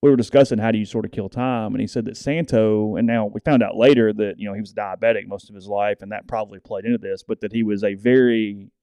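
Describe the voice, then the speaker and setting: A Southern US man co-hosts a sports podcast in easy, rambling chat, acting out the people in his stories. His voice sits low and mellow. The sound is dry and close. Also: steady tone, quick pace, hardly any pauses, smooth, no room sound. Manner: rambling storyteller, acts out quotes. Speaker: podcast co-host.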